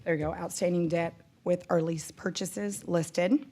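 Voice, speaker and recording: Deep-voiced lady going over the county money report, careful and steady. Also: unhurried. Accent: Texan. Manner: methodical, walks through report sections with small self-corrections. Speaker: county treasurer. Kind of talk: presenting a financial report at a public meeting.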